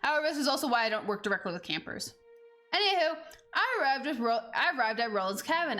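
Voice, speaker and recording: A woman's voice: high voice, sing-song, fast talker, pushed and bright, soft background music. A young woman streaming a game and telling a rambling story in casual chat, full of "like" fillers. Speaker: gaming streamer. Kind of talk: casual chat over gameplay.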